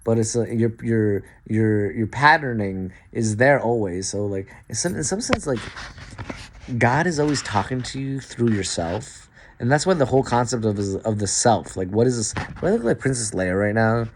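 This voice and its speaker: A man's voice: fairly low pitch, expressive, moderate pace, a little hiss or hum. A man in a rambling monologue to camera, swearing often, restarting his sentences and swinging between muttered asides and emphatic outbursts. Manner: profane, stream-of-consciousness, many restarts and stumbles.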